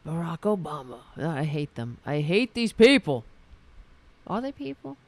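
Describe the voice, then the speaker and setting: A man's voice: on the high side, big pitch swings, no echo. A man hosting a solo political commentary show, ranting with sarcasm and profanity, often stopping and restarting his sentences. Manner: halting, with many restarts and fillers. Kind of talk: angry solo political rant.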